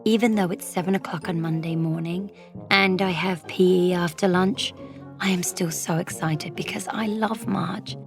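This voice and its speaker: A woman narrating a children's storybook as a young girl, lively and dropping into whispers for suspense. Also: fairly low pitch, normal speed, faint music behind. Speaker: audiobook narrator.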